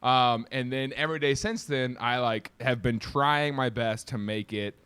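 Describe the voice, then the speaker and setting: A young man, a comedian guest on a video call, telling stories in a casual, animated way and often laughing. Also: mid-range voice, unhurried, clean tone, no echo. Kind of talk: casual storytelling chat.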